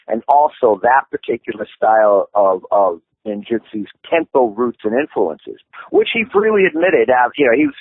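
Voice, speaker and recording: A man's voice: lowish voice, no echo. A man, a martial arts instructor, explaining at length in an interview, with many restarts and fillers. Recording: tinny phone-line audio, dry.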